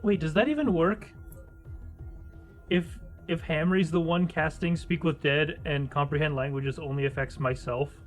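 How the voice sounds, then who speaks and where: A man with a fairly high voice plays a tabletop game. He talks his character's moves through hesitantly, thinking out loud as he goes. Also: steady tone, normal speed, soft background music. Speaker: player. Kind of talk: casual tabletop game play.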